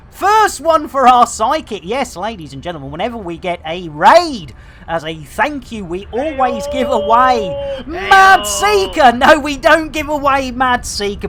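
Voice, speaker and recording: A man's voice: extremely high pitch, sharp tone, a little hiss or hum. A man chatting through a live game stream, joking with innuendo and giving mock public announcements. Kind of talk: live gameplay stream chat.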